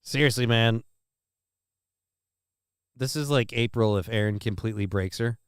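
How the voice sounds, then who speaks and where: A man's voice: medium pitch, normal speed, background noise. A man giving casual, rambling, sarcastic commentary as he reacts to a video.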